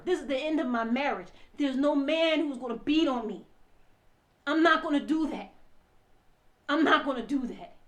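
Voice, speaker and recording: A high-pitched woman tells her own story in tears. She swings between near-whispers and loud, forceful outbursts, and her voice stays raw and impassioned throughout. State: crying. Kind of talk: emotional personal testimony.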